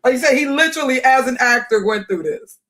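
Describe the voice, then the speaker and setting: A live streamer reacts to a comedy film with loose, chatty commentary. The host laughs often and gets animated when surprised. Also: high voice, fast.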